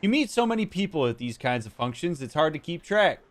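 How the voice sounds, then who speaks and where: A man's voice: on the high side, very animated, brisk. A man reading a letter aloud in a mock-formal voice, playing a stuffy old-world politician.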